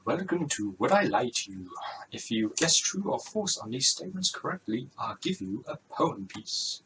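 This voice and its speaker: Cheesy game-show host, shaky Welsh accent, a man impersonating; bright tone. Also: mid-range voice, big pitch swings, normal speed, recorded from a distance, a little hiss or hum, poor audio. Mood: quizmaster. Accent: put-on Welsh. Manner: mock-formal quizmaster patter.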